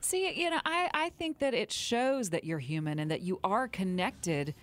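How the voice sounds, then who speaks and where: Animated woman radio co-host. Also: medium pitch, normal speed. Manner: expressive, animated, laughs easily. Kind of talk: talk radio banter.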